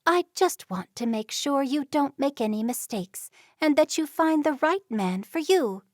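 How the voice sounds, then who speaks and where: A woman's voice: high voice, lively intonation, a little slow, no room sound, studio quality, voice pushed up. A woman voicing a firm, prying middle-aged Amish mother in a storybook reading. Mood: stern.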